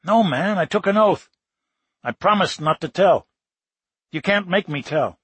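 A man's voice: high-pitched, expressive, measured pace, breathy edge, no room sound, pitched above the performer's own voice, heavily acted. A man doing a giddy Brooklyn guy. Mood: excited teasing. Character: excited young Brooklyn man, secretive, teasing.

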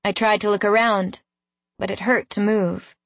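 A woman narrating a first-person fantasy story in an unhurried, gently expressive way. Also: medium pitch, creaky, no room sound. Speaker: audiobook narrator.

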